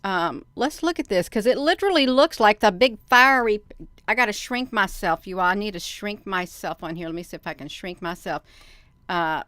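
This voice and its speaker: A woman's voice: mid-range voice, normal speed, a bit bright, dry recording. A woman hosting a casual livestream, chatting and rambling to her viewers. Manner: chatty, rambling, addresses viewers as "you all". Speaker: livestream host.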